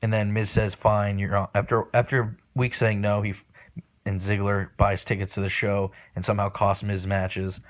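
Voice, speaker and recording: A man hosting a solo podcast, giving casual spoken predictions with lots of ums and restarts, excitable and swearing, recorded without his usual microphone. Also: lowish voice, moderate pace. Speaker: podcast host. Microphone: not his usual microphone.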